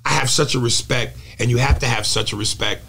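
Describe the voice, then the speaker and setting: A man's voice: medium pitch, fairly quick, creaky, over a noisy crowd. A male comedian and impressionist telling stories in a casual interview. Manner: animated storyteller who drops into impressions.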